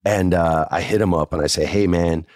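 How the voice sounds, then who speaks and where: Give me a man with a low voice telling a casual, animated anecdote, recorded dry. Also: normal speed, no echo. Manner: animated, peppered with "like" and "right?".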